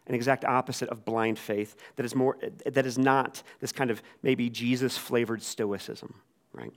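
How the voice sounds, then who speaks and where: A man preaching a sermon in a casual, conversational way. He acts out the quoted lines with lively voices. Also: medium pitch. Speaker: pastor.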